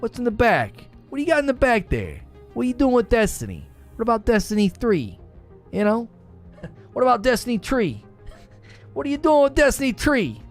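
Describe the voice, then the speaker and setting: A man's voice: very high-pitched, huge pitch swings, normal speed, faint music behind, voice pushed up, heavily acted. A man voicing a pushy, tough New York mobster who keeps prying with needling questions, in a New York accent.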